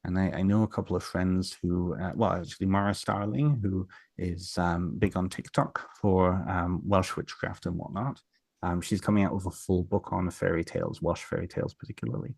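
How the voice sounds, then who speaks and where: Male guest, deep voice, rambling storyteller, dry close sound. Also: steady tone, moderate pace, vocal fry, darkish tone, breathy edge, no room sound. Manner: rambling, many fillers and restarts. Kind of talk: casual storytelling in an interview.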